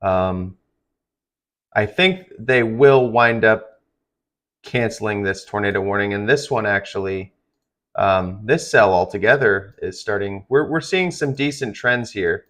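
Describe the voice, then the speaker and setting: A man with a somewhat low voice hosts a live stream covering severe storms. He sounds tired and talks loosely, wandering through his points with plenty of ums and restarts. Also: a little slow, fairly bright tone. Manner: rambling, filler-heavy, conversational. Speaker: livestream weather host.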